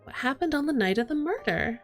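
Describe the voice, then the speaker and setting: A woman voicing a proper, deadpan male falcon lawyer in a visual novel read-aloud. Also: high voice, brisk, faint music behind, pitched above the performer's own voice. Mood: dry.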